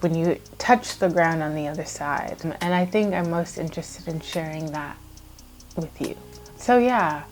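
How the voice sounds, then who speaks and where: A woman's voice: lowish voice, a little mellow, slight background noise. A woman YouTuber talking to her viewers in a heartfelt vlog, earnest and reflective, a little emotional, with many casual "like" fillers.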